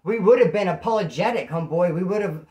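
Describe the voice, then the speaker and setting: A man from California telling prison stories in casual slang, animated and acting out what people said. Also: high voice, fast talker. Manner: streetwise slang, animated, acts out quotes. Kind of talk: casual storytelling to camera.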